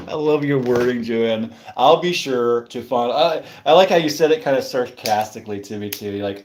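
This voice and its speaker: A man's voice: mid-range voice, moderate pace, few pauses, darkish tone, a little hiss or hum. A man hosting a live stream, chatting casually with viewers in a playful, teasing, rambling way.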